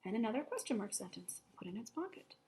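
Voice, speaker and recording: A woman teacher giving a recorded grammar lesson for children, explaining patiently, clearly and step by step. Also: mid-range voice, big pitch swings, fast talker, mellow.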